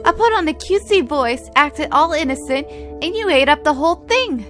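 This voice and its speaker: A woman's voice: sits high, lively intonation, moderate pace, faint music behind. A woman voicing a cruel, mocking noblewoman in a game. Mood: sneering. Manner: sneering.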